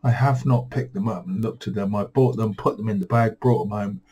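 A man's voice: fairly low pitch, brisk, dark tone, low-quality recording. A tired man rambling through a home vlog, weary and self-deprecating, grumbling at himself. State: tired, yawning. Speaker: vlogger.

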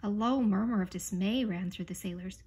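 A woman reading a children's novel aloud at a measured pace, with small slips and restarts. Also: mid-range voice, a little mellow, husky, poor audio. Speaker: reader.

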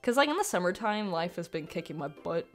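A woman's voice: lowish voice, big pitch swings, moderate pace, faint music behind. A young woman giving casual, rambling commentary over a speed paint, giggling often and poking fun at her own work. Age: young adult. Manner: giggly, rambling, self-deprecating. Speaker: digital artist.

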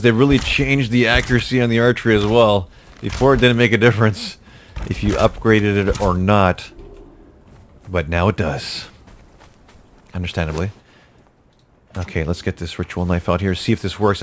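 Low-voiced male gaming host, muttering jokey play-by-play with a light hiss behind. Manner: talks to himself, jokey, exasperated outbursts. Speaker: gaming YouTuber. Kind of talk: casual gameplay commentary.

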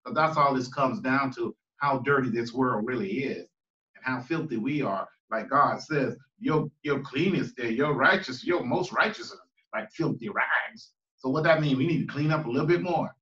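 A man's voice: medium pitch, moderate pace, sharp tone. A man, a pastor, preaching in a plain-spoken, conversational way to a choir Bible study in a church, stressing and repeating his key phrases. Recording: echoey room, voice far from the mic, dull sound.

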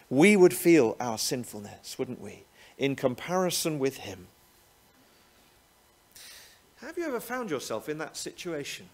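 Animated preacher, man. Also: a little high. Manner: animated, rhetorical tag questions. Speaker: pastor. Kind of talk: sermon.

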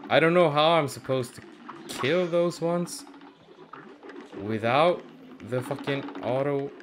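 A young man commenting on his own gameplay, cursing a lot and swinging between angry yelling and low muttering. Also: slow pace, noisy background. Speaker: gaming channel host.

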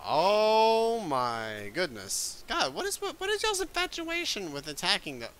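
A young man giving casual gameplay commentary, excitable, swearing often and yelping at scares. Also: sits high, measured pace, smooth. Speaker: gaming video creator.

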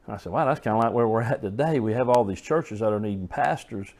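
A man's voice: fairly low pitch, quick pace, a little mellow. A man preaching a sermon, earnest and folksy, telling stories and often restarting his phrases.

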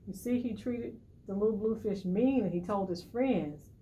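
A woman reads a picture book aloud to young children with a lively, animated voice, stopping to ask the little listeners questions. Her pitch sits in the middle of the range. Faint noise is in the background. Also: normal speed. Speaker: library storytime host. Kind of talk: reading a picture book to preschoolers.

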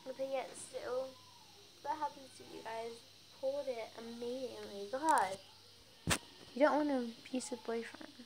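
Young woman, fairly high voice, giggly, reading a story aloud with comments, faint background noise. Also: a little slow. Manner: giggly, reacts often, stumbles over words. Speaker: fan fiction reader.

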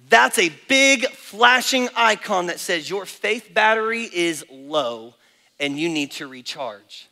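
A man speaking at a kids camp, preaching to children in an animated, energetic way and acting out little prayers. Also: high-pitched, slow. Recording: echoey hall with faint music.

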